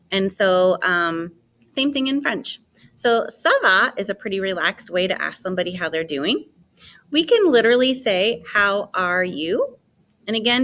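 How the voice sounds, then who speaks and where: A woman teaching a beginner language lesson, modeling words slowly and clearly for students to repeat. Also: mid-range voice, fairly bright tone. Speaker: French teacher.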